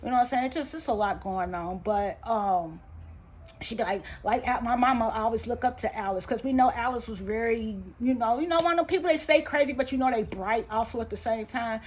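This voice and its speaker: A vlogger tells her audience a painful family story to camera, rambling in a colloquial, heartfelt way with many restarts, fillers and informal grammar. She speaks a little fast, her voice rising and tightening when upset and falling soft and low when sad. There's a little hiss or hum in the audio.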